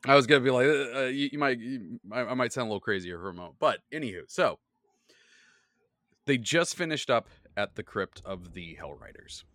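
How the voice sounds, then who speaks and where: A man hosting a casual podcast chat, excitably rambling as he recaps the tabletop campaign he runs as game master. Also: medium pitch, a little fast, no room sound, studio quality.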